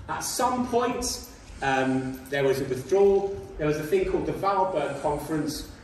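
A man tells a history story to a school group, chatty and full of ums, turning indignant at injustices. His voice sounds slightly high for a man. It echoes heavily around a hall and comes from a distance, with faint noise underneath. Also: animated, moderate pace. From Britain. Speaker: guest speaker. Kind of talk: informal history talk with slides.

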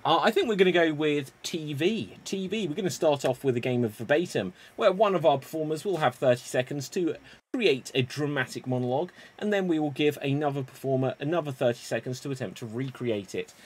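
A man hosting an online improv show, briskly introducing the games and calling for votes. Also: on the high side, husky. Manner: brisk, upbeat, running the games.

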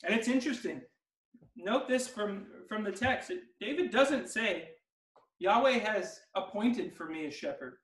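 A man preaching an expository sermon as pastor, emphatic and slowing down to stress key words. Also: high voice, a bit bright, echoey room, far from the mic, poor audio. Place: church sanctuary.

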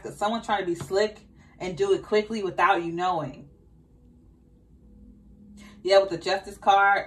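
A woman giving a casual tarot reading, urging and repeating her advice. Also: medium pitch. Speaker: tarot reader.

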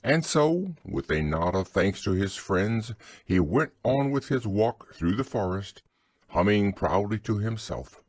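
A husky male narrator reads a bedtime storybook slowly and soothingly, with a low voice that rises and falls expressively. The recording is close and dry. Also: expressive, a little mellow, no room sound. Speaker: audiobook narrator.

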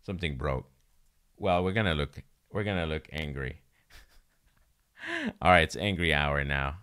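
Male streamer, deep bright voice, self-mocking casual game chatter with some swearing. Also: normal speed, smooth.

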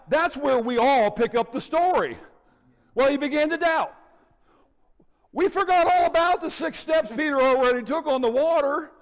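A man preaching a sermon as pastor, animated and calling out to the congregation for responses. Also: extremely high pitch. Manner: animated preaching with audience call-outs. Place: church sanctuary. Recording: church hall with long reverb.

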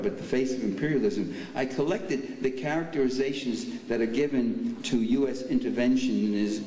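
Older man, banquet speech, mocking, warm dark tone, distant mic in a reverberant room. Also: mid-range voice, a little hiss or hum. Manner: sarcastic, mocking asides. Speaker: speaker at a banquet. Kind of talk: political speech. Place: banquet hall. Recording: echoey hall from far off.

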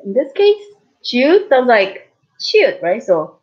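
A woman in her thirties teaches in a casual, patient way, saying each word slowly and more than once. Her voice sits a little high. The audio is dull and muffled, like a cheap recording. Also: big pitch swings, a little mellow. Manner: patient, repeats words slowly, checks in with "okay? right?". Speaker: Korean language teacher. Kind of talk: casual spoken lesson.

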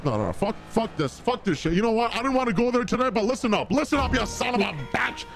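A man's voice: extremely high pitch, expressive, fast, creaky, full character voice. A man playing a cursing hot-tempered old man. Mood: furious. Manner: ranting, shouting insults. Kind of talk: game role-play streaming. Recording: music playing under the voice.

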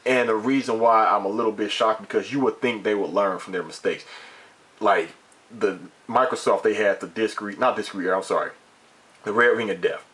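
A man with a lowish voice talks straight to his viewers in a loose, ranting vlog. He presses his points hard, circles back to them, and restarts his sentences often. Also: moderate pace, fairly bright tone. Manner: emphatic and repetitive, with frequent restarts and mild swearing. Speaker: gaming vlogger. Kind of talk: casual opinion rant to camera.

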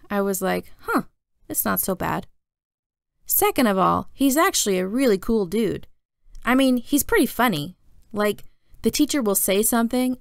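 Gravelly woman reading a novel aloud. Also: medium pitch, dry recording, clean studio sound. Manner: casual first-person storytelling. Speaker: reader.

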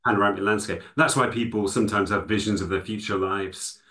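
A man's voice: lowish voice, steady tone, fairly quick, bright, forceful tone. A man from England, a guest in an interview, explaining his ideas in a thoughtful, conversational way with frequent "you know" fillers. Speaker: guest, psychology lecturer and author.

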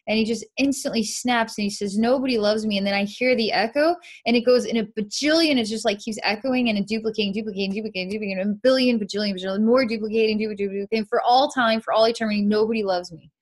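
A woman psychic leading a live energy-healing session, speaking softly with frequent sighs and dreamy, repetitive descriptions of what she sees. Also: a little high, rapid-fire, few pauses. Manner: soft, sighing, repetitive, dreamy narration of visions.

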